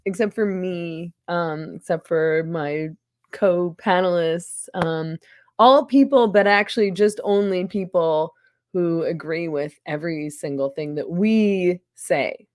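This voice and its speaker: A woman hosting a podcast in casual conversation, sardonic and quick to laugh, often restarting her sentences. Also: on the low side, fairly even intonation, darkish tone, dry recording, studio quality. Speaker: podcast host.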